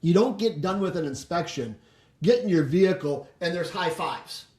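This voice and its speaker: A man's voice: sits high, expressive, moderate pace, a little mellow. A man hosting a business podcast, talking casually and rambling with many restarts before he asks a question. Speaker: podcast host, home inspector. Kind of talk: casual interview chat. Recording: echoey room.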